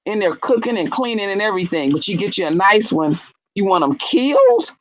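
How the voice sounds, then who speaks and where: A woman's voice: mid-range voice, sing-song, brisk, no echo, highs cut off. A woman in casual chat, telling stories bluntly and animatedly with frank, salty language.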